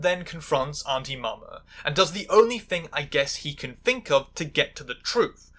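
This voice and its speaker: A woman's voice: low voice, animated, normal speed, fairly bright tone. A woman giving sarcastic video essay commentary, full of stammering restarts and angry asides.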